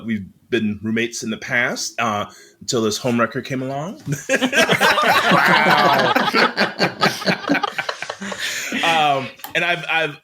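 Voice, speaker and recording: A man's voice: mid-range voice, sharp tone. A man guesting on a podcast in casual chat, self-deprecating and restarting his sentences. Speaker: guest, former roommate of host.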